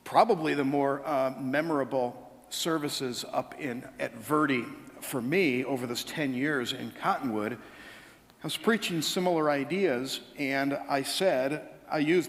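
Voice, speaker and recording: A pastor preaching a sermon, telling funny stories and asking the congregation quick asides. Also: male voice, mid-range voice, big-room sound. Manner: humorous storytelling, animated asides to congregation. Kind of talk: sermon with anecdotes. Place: church sanctuary.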